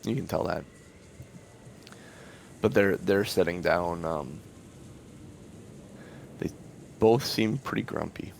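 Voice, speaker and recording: A man narrating a tabletop game as game master, halting, with many pauses and restarts. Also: sits low, creaky, slight background noise.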